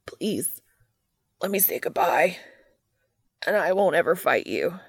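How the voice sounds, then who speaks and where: A woman reading the part of a serious, pained angel in a fan fiction story, grave and quiet. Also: fairly low pitch, very animated, takes it slowly, breathy edge, no room sound, clean studio sound, full character voice. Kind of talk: fan fiction read aloud.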